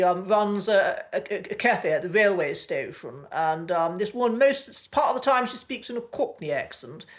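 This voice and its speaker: Thoughtful posh English man teaching. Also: sits high. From Britain. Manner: thoughtful, many fillers and restarts. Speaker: accent coach. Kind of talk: casual spoken lesson.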